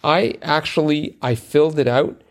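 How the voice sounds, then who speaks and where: A man's voice: fairly high pitch, moderate pace. A man co-hosting a podcast, chatting casually and self-deprecatingly, with plenty of fillers and restarts. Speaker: podcast co-host. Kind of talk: casual chat about crosswords.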